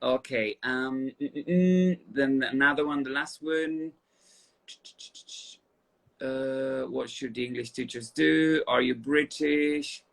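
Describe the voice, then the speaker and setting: A man's voice: mid-range voice, slow, creaky, long pauses, fairly bright tone. A man with an Argentinian accent, a language teacher eagerly chatting on a live video call and reading out viewer questions. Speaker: language teacher, didactics specialist. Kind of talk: live online chat.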